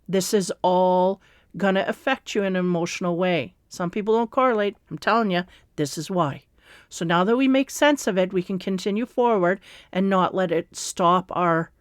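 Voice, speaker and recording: A woman giving a spiritual tarot reading in a slow, meandering, reassuring way, with fillers and soft laughs. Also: on the low side, smooth, no room sound, studio quality. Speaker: tarot reader.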